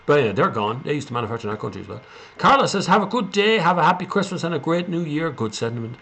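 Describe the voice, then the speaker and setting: A man's voice: fairly high pitch, very animated, fast, vocal fry, a bit bright. An Irish man hosting a live stream, chatting casually and rambling as he reads out viewer comments.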